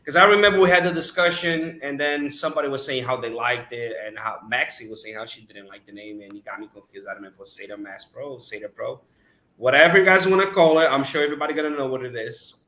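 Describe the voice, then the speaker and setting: Bright-voiced enthusiastic male host. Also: medium pitch, fast. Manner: enthusiastic, repeats himself, checks in with "right?". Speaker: podcast host. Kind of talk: casual crypto chat. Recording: echoey room.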